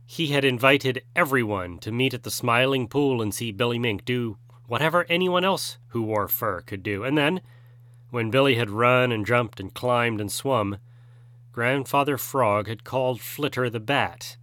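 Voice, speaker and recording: A man narrating a classic animal storybook in a measured, gentle way. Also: mid-range voice, no room sound.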